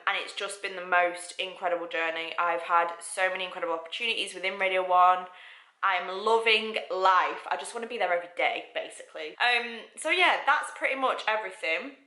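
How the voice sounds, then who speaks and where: A young woman from England, a radio presenter, telling a story in a casual vlog, chatty and excitable, full of "like" and "oh my God". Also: fairly low pitch, echoey room, rough recording.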